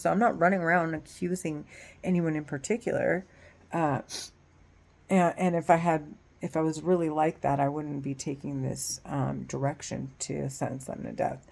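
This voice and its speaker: Rambling, swearing woman, lowish voice. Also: creaky, darkish tone. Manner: rambling, profane, restarts often. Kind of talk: casual rambling monologue.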